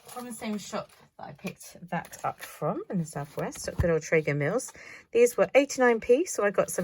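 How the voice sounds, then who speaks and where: A woman's voice: lowish voice, very animated, normal speed, breathy edge. A woman showing her craft haul in a casual, chatty vlog, thinking aloud with self-mocking asides. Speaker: craft vlogger.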